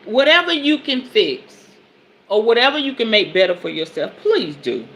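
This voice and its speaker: Hosting her podcast, a spiritual advisor in her forties reads from a self-help book and breaks off to preach about it, colloquially and emphatically. Her voice is a little high and fairly bright, with a sing-song lilt at a moderate pace.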